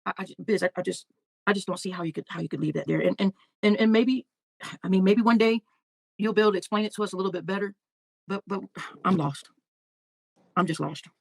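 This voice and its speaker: A woman hosts a casual livestream at a quick clip, reacting to viewer comments. She talks with feeling, stumbling and repeating words as she goes, in a dry, close sound. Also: mid-range voice, vocal fry, no echo. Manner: emotional, halting, repeats words. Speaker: livestream host.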